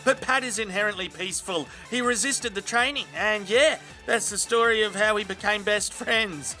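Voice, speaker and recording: A chatty woman tells her wombat tale in a plain, matter-of-fact way with an Australian accent, as a man voices her. The voice is high and bright, with faint music underneath. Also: moderate pace, low-quality recording.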